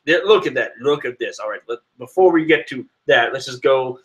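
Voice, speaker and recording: Excitable laughing man reading comics. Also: medium pitch, a little fast, hardly any pauses. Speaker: manga reaction vlogger. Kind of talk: casual comic reading commentary.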